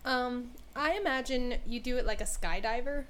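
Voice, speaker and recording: A young woman on a podcast, telling funny stories in a casual, animated way, with lots of "like" and laughter woven into her speech. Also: fairly high pitch, normal speed. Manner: animated storyteller, many "like" fillers, laughs mid-sentence. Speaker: podcast co-host. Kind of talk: casual chat. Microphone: studio microphone on stand.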